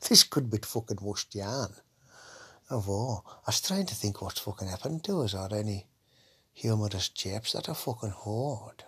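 A man's voice: fairly low pitch, lively intonation, normal speed, pushed and bright, husky. A man hosting a podcast in a rambling, crude monologue, swearing constantly and tagging his lines with "eh?". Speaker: podcast host. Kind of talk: casual comedy podcast monologue.

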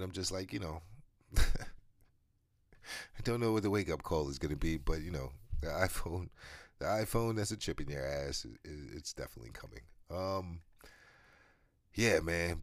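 A man's voice: low-pitched, animated, unhurried, long pauses, a bit bright, no echo, clean studio sound. A man hosting a podcast in a loose, profane, rambling monologue, chuckling between phrases. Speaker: podcast host.

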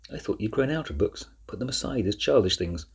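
A man voicing a calm, shrewd professor and collector who questions smoothly and dryly. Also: on the low side, brisk, heavily acted. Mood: mild.

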